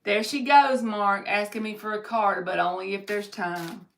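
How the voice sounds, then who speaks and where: A woman's voice: medium pitch, fairly even intonation, normal speed, creaky. A woman giving a live-streamed tarot reading, reading viewers' comments aloud and answering them in an upbeat, encouraging way. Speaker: tarot reader.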